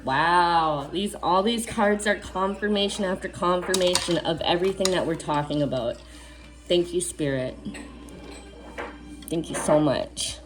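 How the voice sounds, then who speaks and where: Slow, low-voiced woman reading oracle cards. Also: a crowd in the background. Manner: reads card text aloud, then adds earnest casual asides; emphatic, repeats key phrases. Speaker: oracle card reader. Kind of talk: spiritual card reading to camera.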